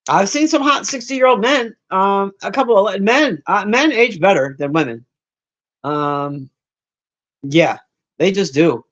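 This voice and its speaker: A loud, brash woman in her fifties chatting casually on a live stream from her room, teasing and roasting her viewers. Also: mid-range voice, lively intonation, unhurried, dull audio. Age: 50s. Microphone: own desk mic.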